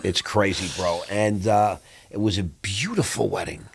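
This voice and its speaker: Gravelly-voiced man telling a story. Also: lowish voice, normal speed, a crowd in the background. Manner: animated storyteller, acts out quoted voices. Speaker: podcast host. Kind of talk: casual storytelling interview.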